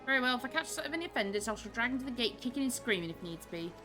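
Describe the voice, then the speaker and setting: A woman reading a brisk, weary gate official. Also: a little high, expressive, over music, close to an everyday voice. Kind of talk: reading game dialogue aloud.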